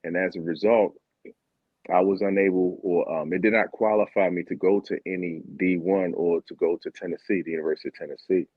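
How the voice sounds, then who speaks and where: A man from Baltimore telling his story as a guest, animated and sometimes acting out what others said. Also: low voice, fairly quick, husky, dry recording. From Baltimore, Maryland, USA. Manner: animated, acts out quotes of teammates. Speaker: guest, former Olympic sprinter. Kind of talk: candid conversational storytelling. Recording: dull lo-fi sound.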